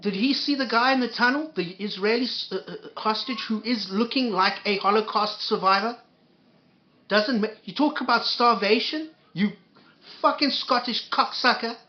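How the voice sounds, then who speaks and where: A man with a fairly high voice rants in anger, swearing freely and heaping sarcasm and insults on his target. He trips over his words, repeating and restarting as he goes. The recording sounds dull and lo-fi. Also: normal speed. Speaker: commentator reacting to a clip. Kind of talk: angry profane ranting.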